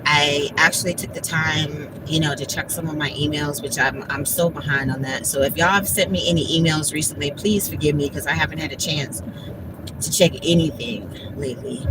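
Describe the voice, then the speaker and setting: A woman's voice: sits low, fairly even intonation, normal speed, very noisy. A woman hosting a casual livestream from her car, venting emotionally and bluntly with lots of filler words and swearing. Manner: emotional, rambling, heavy filler "like"; blunt and profane. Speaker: livestream host. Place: in a moving car.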